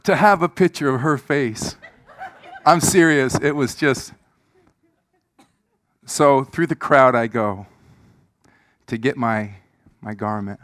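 A middle-aged man preaching a sermon in church, telling a personal story with big swings from shouts to hushed asides, his throat a little squeaky. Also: slow pace, long pauses. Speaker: pastor.

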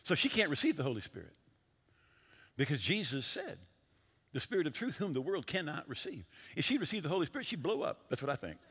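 A man preaching a sermon as a pastor, telling a story with quick shifts between loud and hushed delivery. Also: fairly high pitch, sing-song, slightly rough, big-room sound.

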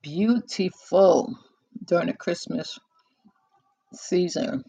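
Call-in radio host, slow drawl, gravelly fry, rambling casual talk, lots of pauses, close mic. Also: mid-range voice, fairly even intonation, dry recording. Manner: unhurried and musing, with many pauses and "um"s. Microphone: close microphone.

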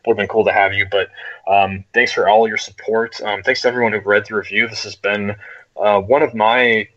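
Low-voiced rambling man on a podcast. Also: fairly even intonation, brisk, fairly bright tone. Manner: wordy, rambling. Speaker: guest game reviewer. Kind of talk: casual podcast chat. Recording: dull lo-fi audio.

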